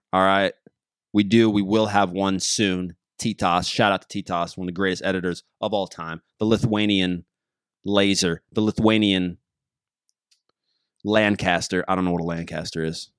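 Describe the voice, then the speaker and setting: A man's voice: sits low, a bit bright, smooth, no room sound, clean studio sound. A man hosting his podcast alone, rambling casually, joking and losing his train of thought. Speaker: podcast host. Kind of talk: casual solo podcast monologue.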